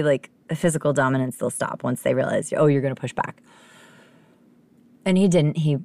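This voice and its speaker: Animated, profane woman with a low, gravelly voice. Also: no echo. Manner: profane, animated, laughs often. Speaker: podcast host. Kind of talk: casual storytelling monologue.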